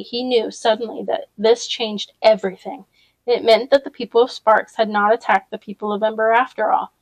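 Lady reading a book out loud, kinda high voice, dry close mic, easygoing with little restarts. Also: no echo, rough recording. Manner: relaxed reading with small restarts and self-corrections. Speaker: narrator reading a novel aloud. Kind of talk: read-along storytelling.

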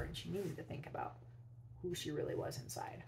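Woman reading a picture book aloud, slightly gravelly. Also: on the low side, a little hiss or hum, low-quality recording. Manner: expressive, pausing to ask the listener questions. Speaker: teacher reading to children. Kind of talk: children's read-aloud storytelling.

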